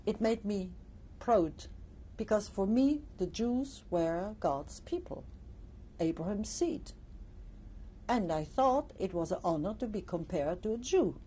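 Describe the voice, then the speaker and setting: An older woman from Alsace, giving a reflective testimony interview, pausing often with "uh" and "you see". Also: medium pitch, expressive, warm tone, a little hiss or hum. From Alsace, France.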